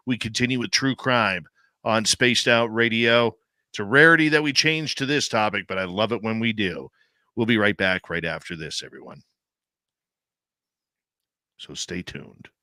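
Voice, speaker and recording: Male talk radio host, low and bright, dry studio sound. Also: normal speed, pauses often, dry recording. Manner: upbeat promo delivery, conversational.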